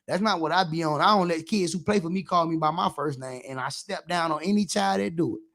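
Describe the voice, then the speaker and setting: A man's voice: fairly high pitch, fairly quick, gravelly, a bit bright. A man, a youth football coach, giving an impassioned radio monologue, preachy and emphatic, acting out how he scolds kids.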